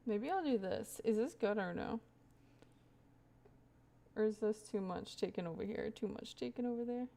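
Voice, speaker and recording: A woman's voice: medium pitch, moderate pace, creaky, mellow. A young woman livestreaming, rambling casually to her chat with frequent laughs. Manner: chatty, rambling, laughs often, talks to chat.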